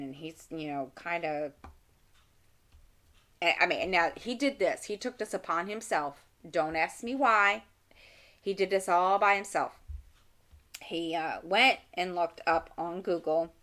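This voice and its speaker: Middle-aged woman host, low-pitched, casual rambling crafting chat on a desk mic. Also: fairly bright tone. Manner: rambling, talks to herself while working. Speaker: channel host. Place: home craft room.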